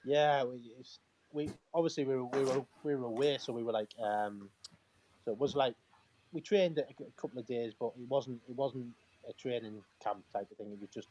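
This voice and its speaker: A former footballer, a man, telling lively dressing-room anecdotes on a video call, acting out other people's lines and laughing often. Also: fairly low pitch, rough recording. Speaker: former professional footballer, guest. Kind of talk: casual storytelling.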